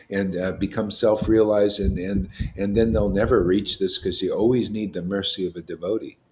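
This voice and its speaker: A man's voice: fairly low pitch, darkish tone. Man giving a casual devotional talk. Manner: colloquial, asks rhetorical questions often. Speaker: spiritual teacher.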